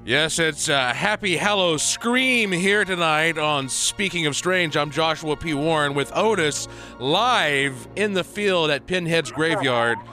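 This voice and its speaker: A man's voice: fairly high pitch, animated, slow pace, hardly any pauses, pushed and bright, soft background music. A man hosting a live radio talk show, chatting in an amused, easygoing way.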